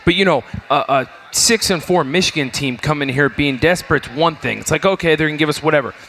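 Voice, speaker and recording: A man's voice: a little high, fast, fairly bright tone, a little hiss or hum. Emphatic man making his point. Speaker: former player on a sports panel. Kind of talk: casual sports talk.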